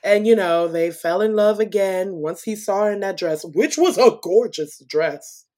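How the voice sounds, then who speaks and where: Animated laughing woman chatting. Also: normal speed. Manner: animated, laughs often, quotes herself with swings in pitch. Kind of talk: casual movie review chat.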